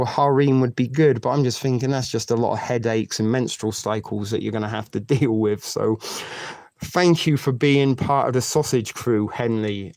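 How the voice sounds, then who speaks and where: Live-stream host, man in his forties, crude joker, mid pitch, dry close sound. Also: darkish tone, no echo. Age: 40s. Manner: joking, crude, chatty with chat viewers. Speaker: livestream host. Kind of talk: casual live-stream chat.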